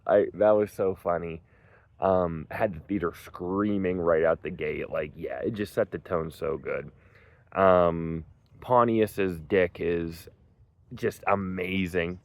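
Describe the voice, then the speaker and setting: A man's voice: low voice, fairly even intonation, takes it slowly, vocal fry, a little mellow, no room sound. A young man reviewing a movie in casual, rambling chat, full of "like" and "um" and swearing freely. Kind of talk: casual spoken film review.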